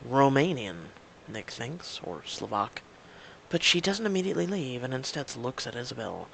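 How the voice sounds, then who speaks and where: A man casually narrating an interactive story game, hesitant at times and tossing in offhand remarks. His voice is gravelly and lively in pitch. A faint hiss of noise sits behind him. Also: moderate pace, poor audio. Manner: casual, hesitant reading with restarts. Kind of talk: reading a story aloud with casual asides.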